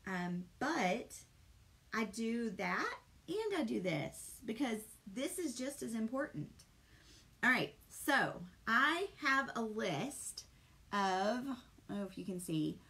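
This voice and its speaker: A woman's voice: a little high, gravelly, a bit bright. A middle-aged woman, chatting with viewers and greeting them by name while she paints live. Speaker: painting instructor. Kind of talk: live-streamed craft session.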